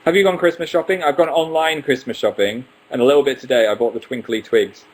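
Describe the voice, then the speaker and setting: A man's voice: medium pitch, quick pace, low-quality recording. A man in his twenties hosting a casual live stream, reading out viewer questions and answering them one by one with playful asides. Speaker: livestream host.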